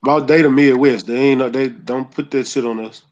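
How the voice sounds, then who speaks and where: A man's voice: medium pitch, steady tone, normal speed, a little mellow, lo-fi sound. Blunt, stammering man in casual chat.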